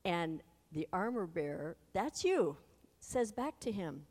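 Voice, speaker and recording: A woman retelling a Bible story to an adult audience, animated and speaking straight to her listeners. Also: lowish voice, slow. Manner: animated, addresses listeners directly. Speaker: Bible teacher. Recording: long hall reverb.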